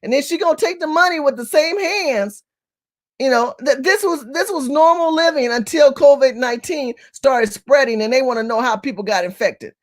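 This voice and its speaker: A woman's voice: sits high, expressive, normal speed. A woman hosting a live stream, talking emphatically to her viewers, repeating herself and firing rhetorical questions while she shows them video. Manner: addresses viewers as family. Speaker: livestream host.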